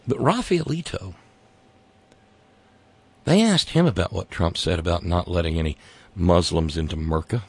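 A man's voice: low-pitched, creaky, slightly rough. A man hosting a satirical political rant. He is sarcastic and exasperated and stammers as he talks. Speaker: host.

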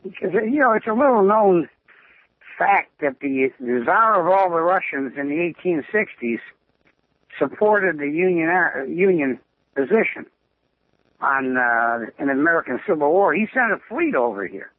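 Husky guy calling in, kinda high, rambles excitedly, tinny phone line. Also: normal speed, dry recording. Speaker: caller. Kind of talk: call-in radio chat. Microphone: telephone.

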